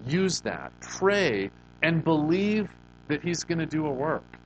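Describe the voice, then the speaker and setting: A man's voice: a little high, very animated, takes it slowly, a little hiss or hum, poor audio. A man preaching a sermon, telling a personal story with rhetorical questions and frequent restarts. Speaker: pastor.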